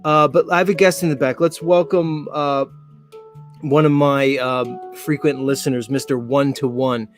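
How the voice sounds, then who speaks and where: A man's voice: a little high, fairly even intonation, measured pace, faint music behind. A man in his forties hosting a casual live show, rambling with many fillers and frequent laughs. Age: 40s. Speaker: show host.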